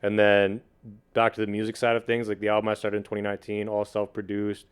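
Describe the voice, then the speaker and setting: Male guest, low-pitched, fast and loose delivery, relaxed slang-heavy chat. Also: clean tone. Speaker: podcast guest, video producer and beatmaker. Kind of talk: casual chat.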